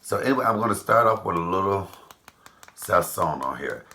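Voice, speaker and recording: Fifties guy with a real low voice, rambling on while he cooks, talks right to the viewers. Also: lively intonation, moderate pace, sharp tone. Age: 50s. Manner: chatty, rambling asides, addresses viewers directly. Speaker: cooking channel host. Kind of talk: casual cooking vlog chat.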